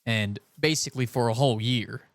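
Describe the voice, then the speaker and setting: A young man from California streaming a game, chatting in a rambling way and talking with a soft put-on Southern cowboy drawl. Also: mid-range voice, a little fast, dry recording. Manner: rambling, chatty, self-interrupting. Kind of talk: casual live-stream chat while gaming.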